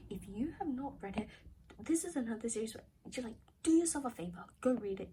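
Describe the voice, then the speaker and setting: A young woman vlogging an unboxing haul, gushing and excitable, swinging from loud outbursts to whispers. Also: mid-range voice, normal speed, slight background noise, rough recording.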